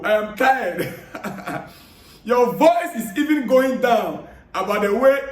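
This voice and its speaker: A man vlogging about football news, chatting casually and giving friendly, repetitive shout-outs while reading viewer comments aloud. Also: very high voice. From Africa. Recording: echoey room, distant mic.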